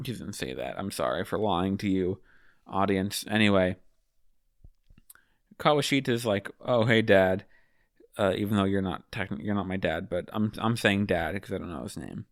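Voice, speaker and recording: A man giving casual, rambling commentary on manga chapters, swearing freely and sounding high. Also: normal speed, dry recording, clean studio sound. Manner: profane, rambling, offhand.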